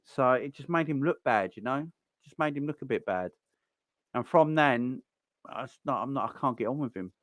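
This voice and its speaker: A man's voice: mid-range voice, lively intonation, normal speed, fairly bright tone, dry recording. A man hosting a football watchalong livestream, chatting casually and bluntly with viewers, repeating himself and using lots of fillers. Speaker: livestream host reacting to a football match. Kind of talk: casual live chat reading viewer comments.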